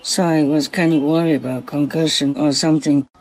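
A spiritual vlogger speaking gently at night to an unseen animal, softly giving blessings and often asking "okay?", then calmly recounting their day. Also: medium pitch, poor audio. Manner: soft, slow, affectionate blessings with repeated "okay?".

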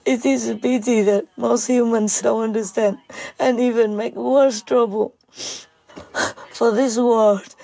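Woman giving a heartfelt moral talk, really slow, halting, lots of uh and pauses, bit of vocal fry. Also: a little high, mellow, no echo. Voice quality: halting, emotional, with many pauses and fillers.

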